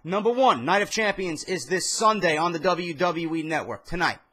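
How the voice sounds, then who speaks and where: A man's voice: fairly high pitch, normal speed, husky. Tired, cursing New York guy. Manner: profane, animated, rambling. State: tired after a few beers. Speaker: wrestling vlogger. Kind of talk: casual ranting commentary to camera. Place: home, indoors, late night. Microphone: camera mic.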